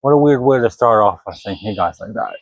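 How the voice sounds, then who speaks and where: A man's voice: medium pitch, animated, a little fast, gravelly, no room sound, poor audio. A man rambling casually through a drink taste test, chatty and a bit self-conscious, recorded outdoors in the cold.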